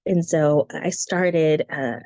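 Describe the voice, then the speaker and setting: A woman with a squeaky voice, teaching branding in a casual, chatty way with breezy asides, heard over a video call. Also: takes it slowly, mellow, no room sound. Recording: dry, dull lo-fi call audio.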